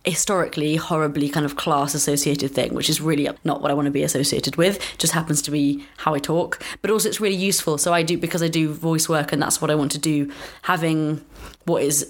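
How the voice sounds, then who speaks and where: A low-pitched woman speaking in a crisp English Received Pronunciation accent. She chats freely in an interview and thinks aloud as she goes, often breaking off and restarting her sentences. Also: fairly even intonation, fast. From England. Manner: chatty, thoughtful, with many restarts. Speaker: voice actor guest. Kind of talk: casual interview chat.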